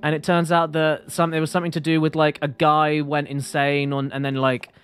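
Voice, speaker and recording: Male streamer, a touch high-pitched, loose rambling live commentary at a desk mic. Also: completely flat delivery, fairly quick, fairly bright tone, clean tone. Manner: chatty, rambling, apologetic, reads chat aloud. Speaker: game streamer.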